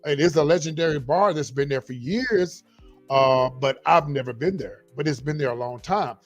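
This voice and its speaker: A man's voice: on the high side, moderate pace, faint music behind. A middle-aged man hosting a casual livestream, chatting with viewers, repeating himself and calling them y'all. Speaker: livestream host. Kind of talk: casual livestream chat reading viewer comments.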